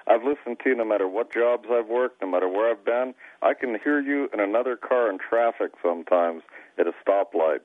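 A man's voice: fairly low pitch, a little fast, no echo. Southern guy calling in, earnest, friendly, tinny phone line. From Deep South. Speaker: caller. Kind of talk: call-in conversation.

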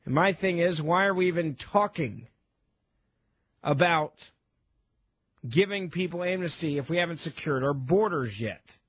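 Emphatic high-voiced male radio host. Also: lively intonation, measured pace, long pauses, fairly bright tone, husky, no room sound. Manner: emphatic, sarcastic, opinionated. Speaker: fill-in talk radio host. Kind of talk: call-in talk radio.

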